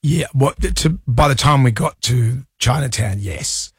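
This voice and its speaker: A man's voice: medium pitch, unhurried, husky, no echo, studio quality. A middle-aged Australian man hosting a radio show, telling a rambling story in casual banter and laughing at himself. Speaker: radio host. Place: radio studio. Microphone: studio microphone.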